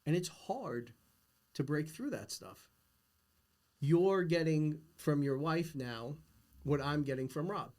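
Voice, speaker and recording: A man's voice: on the high side, expressive, slow pace, long pauses, darkish tone. A middle-aged man hosting a podcast, talking earnestly and emphatically in a philosophical, casual conversation. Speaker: podcast host.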